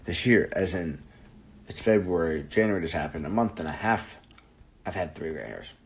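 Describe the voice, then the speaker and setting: Low-voiced profane young podcast host. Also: male voice, expressive, normal speed, husky, rough recording. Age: 20s. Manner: profane, rambling, jokey. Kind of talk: casual solo podcast monologue.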